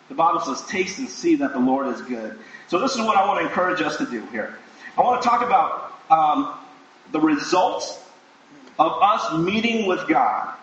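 A man's voice: high voice, fairly bright tone, a little hiss or hum. A man preaching a sermon in a conversational way, with frequent fillers and restarts. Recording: distant mic in an echoey room, dull sound.

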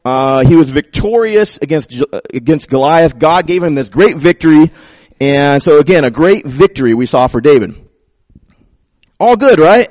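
A man's voice: on the high side, lively intonation, moderate pace, a little mellow, dry recording, studio quality. A male pastor preaching a sermon in a conversational storytelling way with playful asides.

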